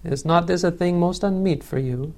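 Jeering soldiers of a routed army, voiced by a man, drawing out their insults slowly and scornfully. The voice stays mellow and slightly high. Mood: mocking. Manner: slow, mocking, reviling.

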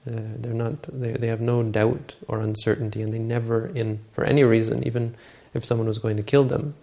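A man retells a Buddhist story in a dharma talk, halting often and correcting himself. His voice is low and gravelly. It is dark in tone and stays flat. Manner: halting, many restarts and self-corrections.

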